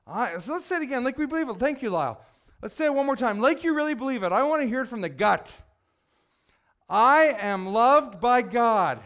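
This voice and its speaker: A man preaching a sermon as pastor to his church, earnest and emphatic, prompting the congregation to repeat after him. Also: very high voice.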